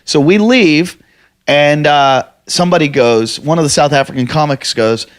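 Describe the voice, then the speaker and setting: Man telling a profane comic story, slightly high. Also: normal speed. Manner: profane, animated, acts out other people's shouting. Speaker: podcast host. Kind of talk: casual storytelling chat.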